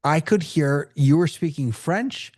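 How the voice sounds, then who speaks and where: A man hosting a casual video call, excitable, laughing often and restarting his sentences. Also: fairly high pitch, measured pace. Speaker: host of a video-call tech meetup. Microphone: computer mic on a video call.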